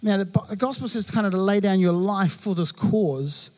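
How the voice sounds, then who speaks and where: A man in his thirties from New Zealand, a pastor preaching a sermon with lively storytelling and acted-out quotes. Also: high-pitched, brisk.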